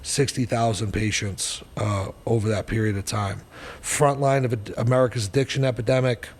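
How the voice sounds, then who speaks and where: A man in his forties telling his story as a podcast guest, in a blunt, profane and animated way. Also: lowish voice, normal speed, long reverb tail. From New Hampshire, US. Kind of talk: storytelling interview.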